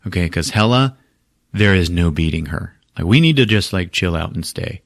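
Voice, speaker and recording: Man voicing a trickster god, laid-back, dismissive, low voice. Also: animated, moderate pace, dry recording, studio quality. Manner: casual and dismissive.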